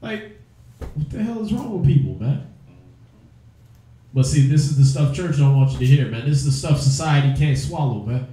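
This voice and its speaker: A man's voice: medium pitch, lively intonation, moderate pace, pauses often, mellow. A man preaching in blunt, profane street talk, mocking the views he argues against. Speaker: teacher of a religious group. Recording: very echoey room.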